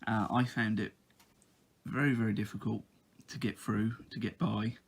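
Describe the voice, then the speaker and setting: A man's voice: fairly low pitch, level tone, moderate pace, slightly rough. A man giving a casual book review, talking in a hesitant way with lots of ums and uhs.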